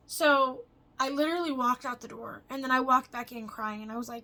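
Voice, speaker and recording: A young woman vlogs casually at a moderate pace, her high voice pushed and bright but steady in tone. She's talkative, swears a lot, and rambles with plenty of fillers.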